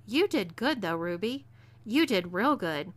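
A woman's voice: mid-range voice, sing-song, a little slow. Woman playing a cocky Texan outlaw woman. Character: bold female outlaw gunslinger, cocky and commanding.

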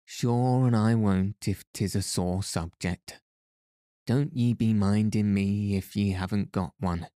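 A man's voice: lowish voice, fairly even intonation, takes it slowly, warm tone, no room sound, studio quality. A man doing a teasing old Irish peddler. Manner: folksy brogue, teasing and sly. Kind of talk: storybook reading.

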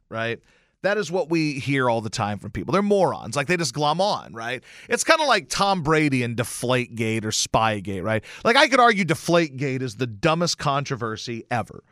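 Man, radio host, lively swooping voice, bright tone, profane, loud outbursts. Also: a little high, no room sound, studio quality. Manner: animated, profane, bursts into loud exclamations. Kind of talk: casual storytelling talk. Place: radio station studio.

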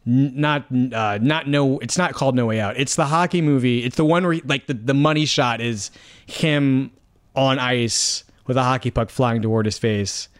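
A man's voice: medium pitch, moderate pace. A man, a film critic, talking casually on a podcast, often searching for words and restarting his sentences.

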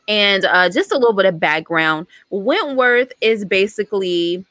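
A woman's voice: medium pitch, lively intonation, measured pace, fairly bright tone, no room sound. A woman co-hosting a casual talk show, chatty and enthusiastic as she recommends a series. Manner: enthusiastic, chatty, many fillers. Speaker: co-host. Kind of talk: casual show review chat.

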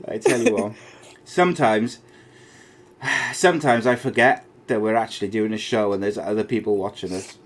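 A man's voice: on the low side, moderate pace, creaky. A man co-hosting a podcast in chatty, joking casual banter, full of fillers. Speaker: podcast co-host.

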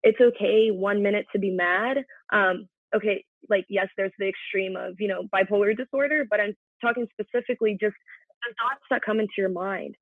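A woman's voice: medium pitch, fairly even intonation, moderate pace, husky, no room sound. A young woman in her twenties, a guest on a podcast, speaking earnestly and reflectively as she opens up about her feelings. Her voice comes through a thin, phone-like line with no room sound at all. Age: 20s. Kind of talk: casual podcast conversation. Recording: tinny phone-like line, dry.

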